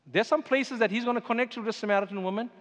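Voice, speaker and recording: High-voiced preaching man, echoey church. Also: very fast, fairly bright tone. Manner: emphatic preaching, storytelling asides. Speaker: pastor. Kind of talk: sermon. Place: church sanctuary. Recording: echoey church hall with music underneath.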